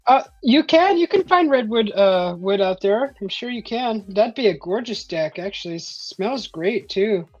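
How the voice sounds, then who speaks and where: A woman's voice: medium pitch, animated, moderate pace, hardly any pauses, dry recording. Rambling woman chatting on a stream. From California. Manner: rambling, laughs often, many fillers. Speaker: host. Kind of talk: casual chat. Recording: dull lo-fi stream audio with faint music.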